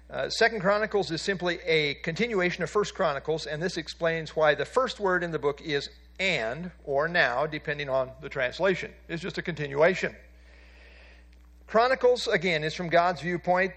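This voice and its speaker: A man giving a classroom Bible lecture in a voice a little higher than most men's. He explains step by step, pauses on "uh" fillers, and puts questions to his listeners. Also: fairly bright tone. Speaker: Bible teacher.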